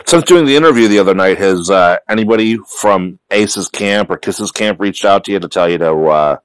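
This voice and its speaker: A man's voice: deep voice, moderate pace, clean tone, no echo, rough recording. A man interviewing a guest, asking questions in a hesitant, sympathetic way with fillers and restarts. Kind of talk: casual interview.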